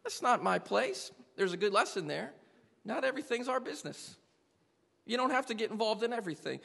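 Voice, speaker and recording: A man's voice: sits high, animated, fast, vocal fry, sharp tone. A male pastor preaching a sermon, speaking emphatically and putting rhetorical questions to his congregation. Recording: long reverb of a large hall.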